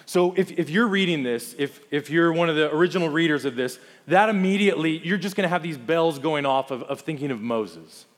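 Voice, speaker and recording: A man's voice: on the high side, fairly quick, few pauses. A man preaching a sermon as pastor, emphatic, building through repeated lists and rhetorical questions. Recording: long reverb of a hall.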